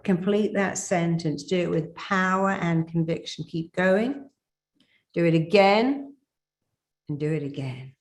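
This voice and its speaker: A woman's voice: lowish voice, unhurried. A middle-aged woman, a therapist, leading a guided self-help exercise in an emphatic, commanding way, with phrases repeated for listeners to say back.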